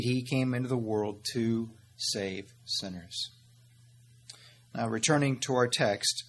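A pastor delivers a sermon in a husky, breathy voice of ordinary pitch. He pleads earnestly with his congregation, poses rhetorical questions and answers them, and keeps calling them "beloved" and "my friend". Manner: earnest preaching, calls listeners "beloved" and "my friend".

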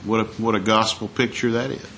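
Low-voiced man preaching a sermon. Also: flat delivery, a bit bright, a little hiss or hum. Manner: conversational preaching with rhetorical questions to the congregation; reads scripture aloud in a slower, raised voice.

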